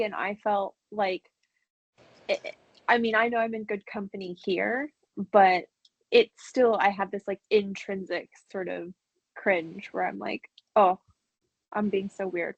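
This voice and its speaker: A woman's voice: mid-range voice, dry recording, muffled recording. A woman taking part in a workshop on a video call, candid and a little self-conscious. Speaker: workshop participant.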